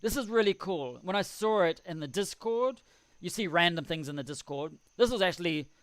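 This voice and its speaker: New man, fairly high voice, dry close mic, rambling live-stream host who chuckles at himself. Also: expressive, normal speed, no echo. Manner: rambling, chuckling, self-deprecating. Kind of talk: casual live-stream chat. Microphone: desk microphone.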